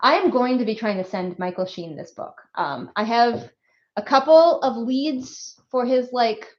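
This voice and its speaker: A woman hosting a casual livestream as an author, chatty and quick to laugh, full of little asides. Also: a little high. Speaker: author hosting a book release stream. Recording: slightly muffled stream audio.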